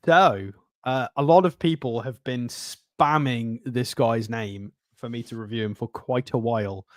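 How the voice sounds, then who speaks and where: A man co-hosting a football podcast, talking through a player in a quick, casual, analytical way. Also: mid-range voice, dry recording, clean studio sound. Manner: chatty, fast, analytical. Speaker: co-host.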